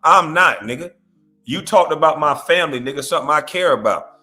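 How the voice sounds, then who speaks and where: A man's voice: a little high, animated, brisk, sharp tone, faint music behind. A man hosting a reaction show, ranting bluntly and profanely, mocking his target. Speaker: host. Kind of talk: reaction commentary rant.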